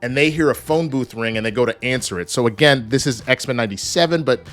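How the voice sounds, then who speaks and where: A man in his thirties giving an energetic, joking casual spoiler review, swearing and acting out characters. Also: medium pitch, fast talker. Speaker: show reviewer.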